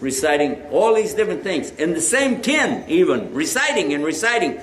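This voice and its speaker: A man's voice: fairly high pitch, sing-song, moderate pace, fairly bright tone. A man preaching to a live audience, telling a story and acting out both sides of the conversation. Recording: echoey hall with faint noise.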